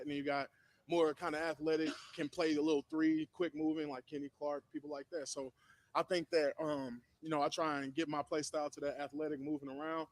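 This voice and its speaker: A man's voice: on the high side, level tone, a little fast. A man, a professional football player, earnestly explaining his approach in an interview, with many "you know" fillers. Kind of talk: answering interview questions.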